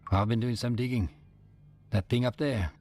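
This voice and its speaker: An actor playing a determined younger brother in a leg brace, quiet and insistent, in a game. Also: male voice, medium pitch, steady tone, moderate pace, close to an everyday voice. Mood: earnest.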